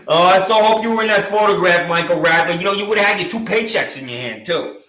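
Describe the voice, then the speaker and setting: A man's voice: sits high, quick pace. A man delivering an indignant, mocking rant straight to camera, full of sarcasm and taunting questions. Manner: loud rising taunts at times. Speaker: local activist vlogger. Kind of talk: ranting monologue to camera. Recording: echoey room.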